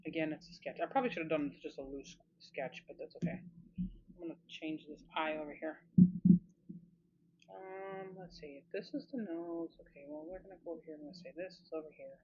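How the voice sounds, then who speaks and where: A woman's voice: low-pitched, brisk, a little mellow. Chatty woman narrating her drawing. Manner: chatty, thinking aloud and self-encouraging. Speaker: art channel creator. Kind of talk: casual drawing commentary. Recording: slightly muffled with faint hiss.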